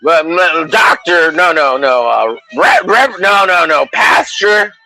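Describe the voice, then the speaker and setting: Man, livestream host, casual chat, crude mock-bullying banter, bright edgy voice, swings wildly up and down. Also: high-pitched, poor audio.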